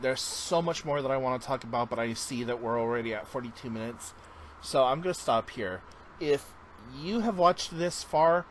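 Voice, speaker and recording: A man's voice: medium pitch, a bit bright, slight background noise. A man hosting his own podcast, talking in an earnest, heartfelt, rambling casual monologue. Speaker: podcast host.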